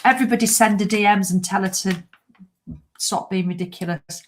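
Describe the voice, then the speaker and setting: Woman, middle-aged, fitness vlogger; chatty, blunt, animated telling, mid pitch. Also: fairly quick, slight background noise. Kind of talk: casual chat to viewers.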